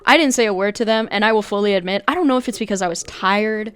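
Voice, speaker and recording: A young woman co-hosting a podcast in loose, rambling chat. She is blunt and curses freely as she tells her stories. Her voice is smooth, and the sound is close and dry. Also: mid-range voice, fast, a bit bright, no echo. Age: young adult. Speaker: podcast co-host. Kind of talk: casual chat.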